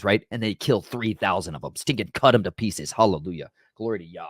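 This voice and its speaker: A man's voice: low voice, quick pace, few pauses, no room sound. A man casually retelling Bible stories, conversational and emphatic, often checking in with "right?". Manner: conversational, keeps asking "right?"; emphatic and dramatic. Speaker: podcast host.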